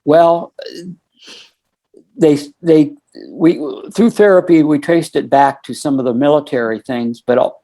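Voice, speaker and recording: Fairly high-pitched and mellow, this man takes his time. A US podcast guest in his sixties, he narrates a long story in a storytelling interview, filling it with quoted lines from conversations.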